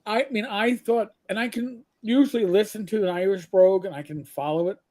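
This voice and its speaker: A man's voice: high-pitched, fairly quick, a little mellow. A middle-aged man co-hosting a podcast, telling rambling anecdotes in casual chat with blunt profanity. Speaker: podcast co-host.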